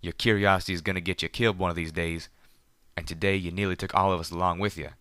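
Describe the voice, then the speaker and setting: Pegasus stallion read by a man: gruff, drawl, protective, punchy and forceful delivery, dry recording. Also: sits low, steady tone, quick pace, no echo. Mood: angry. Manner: drawling, scolding. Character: gruff southern male pegasus, hot-tempered but protective.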